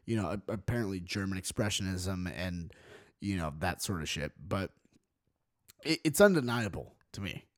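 A man co-hosting a casual movie podcast, excitable and swearing often. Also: deep voice, moderate pace, dry recording, studio quality. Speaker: podcast co-host. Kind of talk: casual chat.

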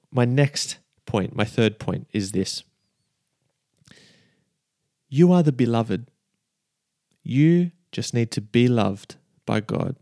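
A man preaching a sermon with fervent, building emphasis, repeating key words as he grows excited. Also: fairly low pitch, no echo, studio quality.

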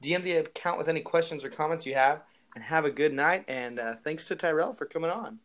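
Relaxed young man hosting a podcast. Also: a little high, fast. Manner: relaxed, laughs easily, friendly questions. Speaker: podcast host. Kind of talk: casual podcast chat.

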